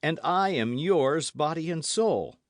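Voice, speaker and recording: An ardent young swordsman, gallant and earnest, pleading in a caressing tone, as the narrator voices him. The voice rides higher than the reader's own and moves with lively inflection. It is recorded dry and close. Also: slow, dry recording.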